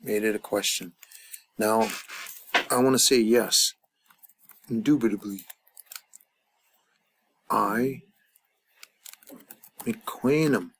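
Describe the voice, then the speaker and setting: A man's voice: mid-range voice, lively intonation, extremely slow, long pauses, a little hiss or hum. A man teaching a grammar lesson at a chart, thinking aloud with many fillers and restarts. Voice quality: gravelly. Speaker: language teacher.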